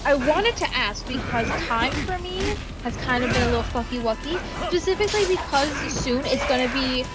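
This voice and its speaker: Female co-host, high voice, excitable, questions the player, game music under her. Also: normal speed. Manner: curious, asks questions, excitable. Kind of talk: casual gaming chat.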